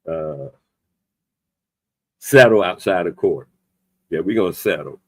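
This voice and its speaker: A man, hosting an opinionated podcast chat in an emphatic, animated way. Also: low voice, slow. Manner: animated, emphatic, loose conversational delivery with a playful edge. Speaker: podcast host.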